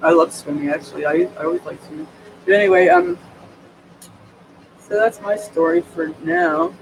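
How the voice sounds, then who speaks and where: Speaking at a normal speed, this man has a high, creaky voice that swings widely in pitch. The rough recording, made on a camera microphone, has slight background noise along with music. He's a vlogger from New York State, USA, talking casually to his camera at home in a meandering way, restarting often and laughing frequently.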